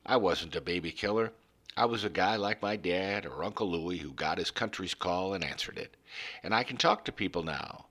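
A man reading a first-person story aloud in a measured, earnest way. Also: low voice, bright, forceful tone. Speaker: reader of a story.

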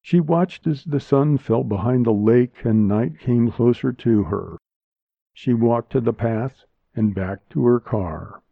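A man narrating a short story as a volunteer reader, in a measured, hushed delivery recorded with a dull, lo-fi sound on a close mic. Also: medium pitch, creaky, no room sound. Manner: slow, measured, hushed reading. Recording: dull lo-fi dry studio sound.

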